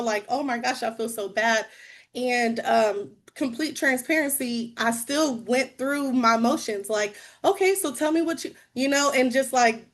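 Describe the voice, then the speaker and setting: A woman guest speaker giving a bubbly, chatty sales-training talk over a video call. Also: fairly high pitch.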